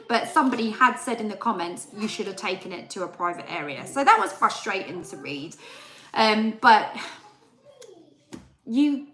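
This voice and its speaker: A woman's voice: mid-range voice, expressive, moderate pace, bright, forceful tone, echoey room. A young adult woman, chatting casually on a live stream and telling a story with re-enacted dialogue. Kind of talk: casual chat.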